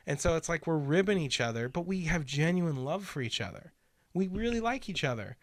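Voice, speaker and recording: A man chatting casually on a podcast, telling stories in an animated, earnest way and acting out what others said. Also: fairly high pitch, brisk, no room sound. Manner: animated storyteller who acts out quotes; earnest and insistent.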